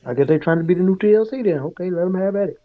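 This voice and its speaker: A man's voice: high voice, very fast, narrow, tinny audio. A man joining a livestream panel as a guest, talking in a laid-back, slangy way. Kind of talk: casual livestream chat.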